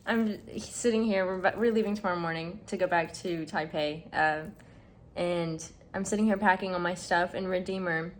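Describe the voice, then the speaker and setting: A young woman vlogging indoors, rambling through a heartfelt story with lots of fillers. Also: mid-range voice. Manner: gushing, rambling with many fillers. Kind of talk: casual storytelling to camera. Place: indoors, packing up a room.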